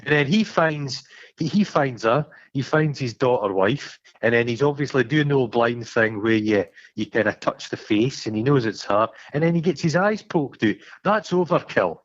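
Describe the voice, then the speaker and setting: A man co-hosting a film podcast in relaxed chat, halting over repeated words before landing a teasing joke. His voice sits at an ordinary middle pitch for a man. The recording is a little dull and lo-fi. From Scotland. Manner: halting, stammering restarts, teasing. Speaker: podcast co-host.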